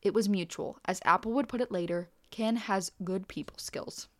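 Woman co-host, mid-range voice, steady measured reader of a nonfiction account. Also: mid-range voice. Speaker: podcast co-host. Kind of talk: reading a nonfiction account aloud.

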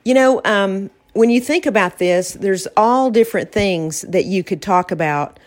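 A woman's voice: medium pitch, measured pace. A woman hosting a podcast, talking in a reflective, casual way about faith and getting through hard times. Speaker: podcast host.

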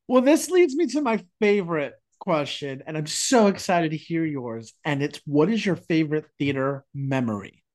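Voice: mid-range voice, lively intonation, normal speed, darkish tone. A podcast host asking an interview question with enthusiasm. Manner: enthusiastic, praising.

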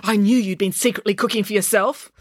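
A woman voicing an older female school cook who is proud and easily upset, speaking in a shrill, indignant way. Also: very animated, normal speed, no echo, studio quality. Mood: huffy.

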